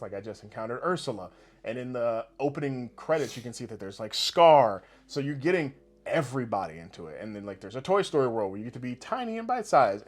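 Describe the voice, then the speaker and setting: A young man co-hosting a casual gaming podcast, telling stories with lots of swearing and big laughs. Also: mid-range voice. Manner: animated, swearing, laughing storyteller. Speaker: podcast co-host.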